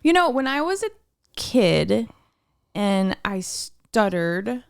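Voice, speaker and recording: A woman's voice: mid-range voice, sing-song, takes it slowly, gravelly, clear, resonant tone. A woman co-hosting a podcast in casual chat, giggly and rambling with frequent restarts. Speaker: podcast co-host.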